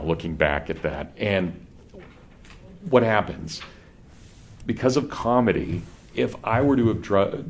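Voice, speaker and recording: A man's voice: deep voice, slight background noise. A middle-aged man with a Kansas accent giving a conversational classroom lecture and putting questions to his students. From Kansas, USA.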